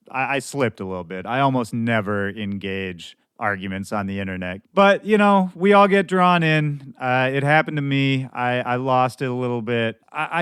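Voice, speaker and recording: Hoarse male podcast host. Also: medium pitch, fairly bright tone, no echo, studio quality. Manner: candid, loose and conversational, with some swearing. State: hoarse from shouting at a show. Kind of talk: casual podcast monologue.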